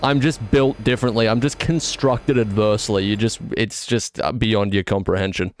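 A young man streaming a video game live, commenting in an excitable, jokey and self-mocking way. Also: fairly low pitch, normal speed.

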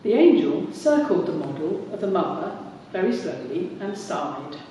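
Lady narrator, measured church story reading, big echo from far off. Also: fairly low pitch, very animated, mellow, slight background noise. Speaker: narrator, worship leader. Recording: echoey church heard from far off.

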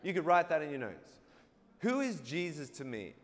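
A guest pastor preaches a sermon in a church auditorium, playfully getting the congregation to call back to him. His voice sits on the high side with big pitch swings at a moderate pace, and the large hall adds long reverb.

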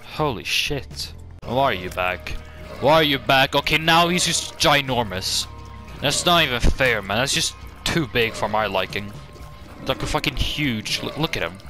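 A man riffs through his own gameplay with excitable, jokey commentary, swearing freely and bursting out at what happens on screen. His voice is bright and forceful, sitting at an ordinary middle pitch. Faint game music plays underneath. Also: a little slow. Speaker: gaming channel host.

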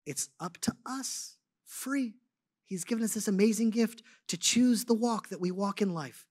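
A man giving a sermon as a guest speaker, telling stories in an animated, conversational way with lots of casual fillers. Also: sits high, measured pace, no echo, clean studio sound. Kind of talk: storytelling sermon.

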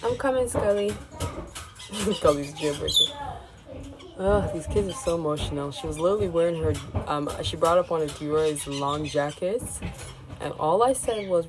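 A mother in her thirties filming a casual family vlog at home, talking to her pets and soothing her crying child in a sing-song voice. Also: normal speed. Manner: talks to pets and kids in high sing-song baby talk, soothing. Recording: loud household noise on phone video. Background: pet birds squawking, children.

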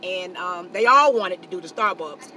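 A woman's voice: lowish voice, lively intonation, normal speed, sharp tone, a little hiss or hum. A woman hosting a casual family vlog from inside a car, chatty and loose, tagging her sentences with "okay" and "y'all". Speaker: family channel host.

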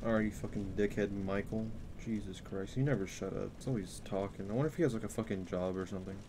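A young man giving crude, joking let's play commentary while playing a horror game, swinging between yelling and muttering. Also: on the low side, fairly even intonation, fast talker, noisy background. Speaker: gaming youtuber.

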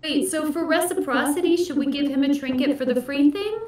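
A woman's voice: high-pitched, a little fast, darkish tone, roomy sound, far from the mic, a little hiss or hum. A woman playing a tabletop game, bubbly and joking with the group. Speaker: player. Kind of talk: casual tabletop game chat.

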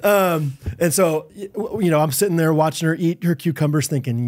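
Podcast co-host, male, thirties, higher-pitched, laughs often, animated storyteller. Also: fairly quick. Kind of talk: casual chat.

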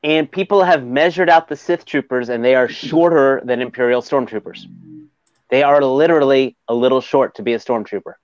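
A man's voice: mid-range voice, brisk, dry recording. Man chiming in on a dull, dry mic. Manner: chimes in with short interjections. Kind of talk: casual chat.

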